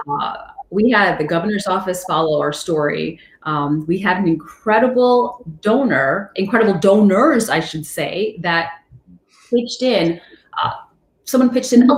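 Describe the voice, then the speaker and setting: A woman TV reporter telling stories in a casual interview, lively and animated, jumping up high in pitch when she acts out what people said. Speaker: TV news reporter, guest. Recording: echoey room.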